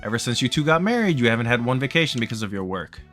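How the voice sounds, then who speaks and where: Man voices a pushy middle-aged company president, quick big-city patter, visual novel read. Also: mid-range voice, very animated, a bit bright, soft background music. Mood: brash. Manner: fast New York-style patter. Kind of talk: reading a visual novel aloud.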